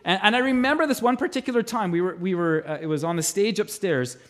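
A middle-aged man preaching a sermon as pastor, telling stories with animated delivery and acting out voices. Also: sits high, quick pace. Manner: animated storytelling, mimics voices in anecdotes. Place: church auditorium.

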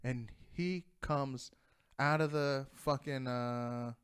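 A man's voice: mid-range voice, fairly even intonation, takes it slowly, fairly bright tone, clean tone. A man telling a casual personal story, rambling and profane, laughing often.

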